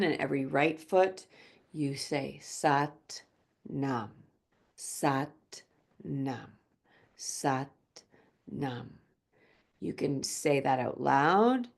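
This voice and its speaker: A woman teaching a gentle yoga class, speaking softly and slowly. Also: on the low side. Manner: slow, soft-spoken, drifts into quiet chanting.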